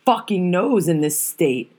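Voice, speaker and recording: A woman's voice: lowish voice, sing-song, a little slow, a crowd in the background. A woman hosting a podcast, ranting heatedly and swearing often. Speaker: podcast host. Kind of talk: casual podcast rant.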